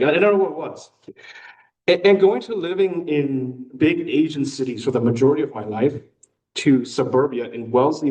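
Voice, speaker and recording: A man's voice: mid-range voice, darkish tone. Man speaking from across a room. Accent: American. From Hong Kong. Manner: self-deprecating humor, occasional filler words. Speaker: new club member giving a talk. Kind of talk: prepared personal speech. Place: meeting room. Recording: voice picked up from a distance.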